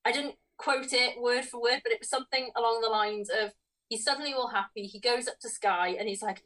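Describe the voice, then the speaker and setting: Co-hosting a film podcast, a woman with a slightly high, fairly quick, somewhat bright voice laughs wryly as she dismisses a bad movie in casual review chat. She sounds distant from the microphone.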